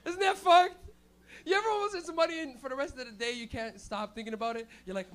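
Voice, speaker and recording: A male comedian from Canada hosting a club show, telling crude, animated stories with loud shouted bits. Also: extremely high pitch, fast talker. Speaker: stand-up comedian and host. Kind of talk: stand-up comedy set.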